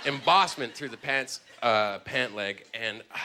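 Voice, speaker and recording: A man doing a stand-up routine on a club stage, telling a story with swings from low mumbles to loud bursts. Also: measured pace, hardly any pauses, heavy background noise. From Canada. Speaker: stand-up comedian. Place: comedy club stage with laughing audience.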